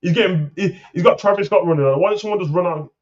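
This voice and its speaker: A man's voice: sits high, fast. Slangy man, dull lo-fi sound. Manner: slangy, rambling, animated. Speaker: wrestling show co-host. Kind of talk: casual chat.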